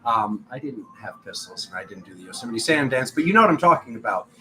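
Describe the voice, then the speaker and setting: Bright-voiced rambling male tarot reader. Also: mid-range voice, sing-song, fast talker, low-quality recording. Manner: rambling, acts out quoted voices. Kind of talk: spiritual tarot reading monologue.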